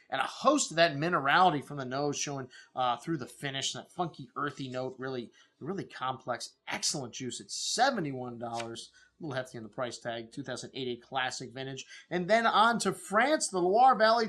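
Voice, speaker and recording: A man's voice: medium pitch, fairly bright tone. A middle-aged man hosting a wine shop video, going through tasting notes in a loose, rambling way full of fillers.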